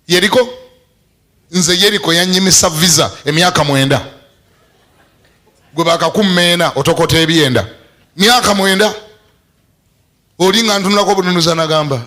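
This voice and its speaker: Animated, bright-voiced preacher. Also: male voice, a little high, normal speed, pauses often. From Uganda. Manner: animated, laughing, bursts into shouts. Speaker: bishop. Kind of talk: sermon.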